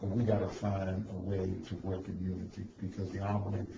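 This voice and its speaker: Calm low-voiced man giving an interview. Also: fast, gravelly. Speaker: interview guest. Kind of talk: measured interview answers. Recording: dull echoey recording with noise.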